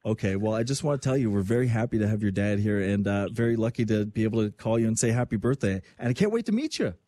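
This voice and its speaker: A man hosting a morning radio show, chatting casually and teasing callers in a joking, animated way. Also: lowish voice, quick pace, dry recording, studio quality.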